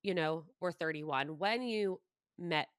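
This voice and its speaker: A woman's voice: fairly low pitch, takes it slowly, clean tone, no echo, studio quality. A woman hosting a podcast, asking questions in a chatty way, with lots of "like" and "you know". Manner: warm, chatty, filler-heavy. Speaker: podcast host. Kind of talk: conversational interview.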